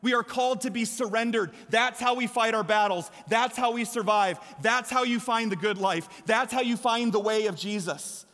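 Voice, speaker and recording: A man with an American Midwestern accent preaching a lively sermon as a pastor, with emphatic bursts and shouts. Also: extremely high pitch, moderate pace, hardly any pauses. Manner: energetic, emphatic preaching with sudden loud shouts. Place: large church sanctuary. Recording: long hall reverb from a church.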